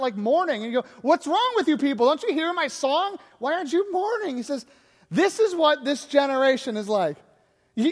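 High-voiced preacher in a reverberant hall. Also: male voice. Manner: conversational storytelling preacher, acting out quoted voices. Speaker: pastor. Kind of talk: sermon.

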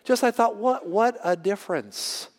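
A pastor telling a personal story in a sermon, animated and acting out the voices of the people in it. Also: male voice, high-pitched, a little slow. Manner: animated, acts out voices in his anecdotes. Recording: long hall reverb.

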